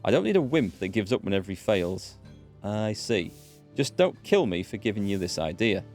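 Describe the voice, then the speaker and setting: A man's voice: lowish voice, very animated, normal speed, darkish tone, soft background music. A British man voicing a proud, unsmiling female lone hunter as he reads a game's dialogue aloud in a raised voice. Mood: stern.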